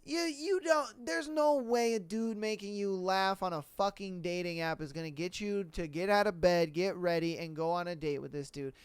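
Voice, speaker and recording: A man's voice: high-pitched, moderate pace, hardly any pauses, clear, resonant tone, no room sound. Blunt, profane man ranting on a podcast. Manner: blunt, profane, animated, with slang. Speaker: podcast host. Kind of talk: casual solo rant.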